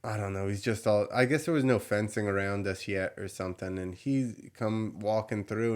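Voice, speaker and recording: A man hosting a podcast, telling a story in a casual, animated way, with swearing and laughter. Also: on the low side, normal speed. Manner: animated, profane, laughs while telling stories. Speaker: podcast host.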